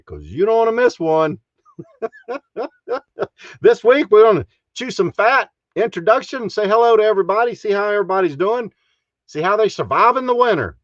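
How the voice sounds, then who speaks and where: Man, folksy stream host, high lively voice, dry dull sound. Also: no echo. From Texas. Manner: folksy, chuckles often. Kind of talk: casual live stream chat.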